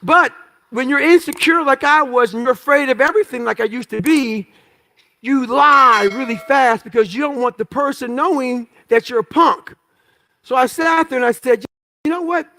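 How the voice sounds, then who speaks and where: A man's voice: very high-pitched, moderate pace, sharp tone. A man telling his life story to an audience in blunt, profane, punchy phrases, acting out what he thought back then. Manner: emphatic, punchy short phrases. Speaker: motivational speaker.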